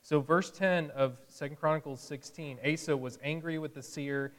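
Male preacher, chatty teaching style, slightly raised pitch, echoing hall sound. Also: steady tone, moderate pace. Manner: conversational, chuckling, acting out quotes. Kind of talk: Bible teaching sermon.

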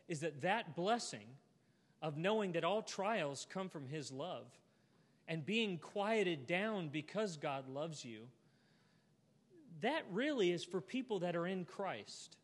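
A man preaching a sermon to a church congregation, earnest and heartfelt, ending in a gentle invitation. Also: on the high side. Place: church auditorium. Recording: long hall reverb.

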